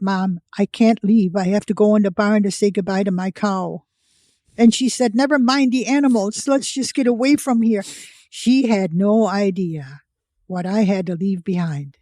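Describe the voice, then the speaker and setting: Woman in her eighties, from the US, podcast guest with a lively storytelling manner, dry close recording. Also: mid-range voice, measured pace, no room sound. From United States. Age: 80s. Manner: vivid storyteller who acts out quoted voices. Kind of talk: personal storytelling.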